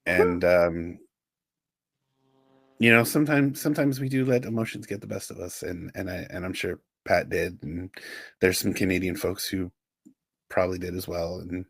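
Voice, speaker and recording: An American man co-hosting a podcast, speaking haltingly with many fillers. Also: low-pitched, dry recording. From USA. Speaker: podcast co-host. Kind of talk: casual podcast chat.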